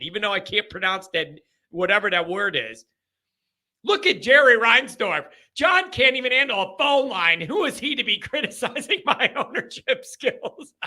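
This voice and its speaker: A man, hosting a call-in sports show, joking and laughing often. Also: sits high. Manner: excitable, jokey, laughs often. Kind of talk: casual call-in chat.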